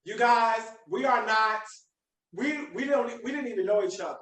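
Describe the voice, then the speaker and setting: Speaking at a normal pace, this animated man with a bright, high-pitched voice delivers an emphatic motivational sermon while hosting a live video podcast. The mic is distant, so he sounds set back, and the room echoes around him.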